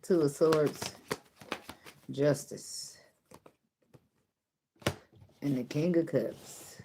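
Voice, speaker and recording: A woman's voice: low voice, steady tone, extremely slow, pauses often, background noise. A woman giving a casual tarot reading, blunt and profane, often breaking into laughter. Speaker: tarot reader.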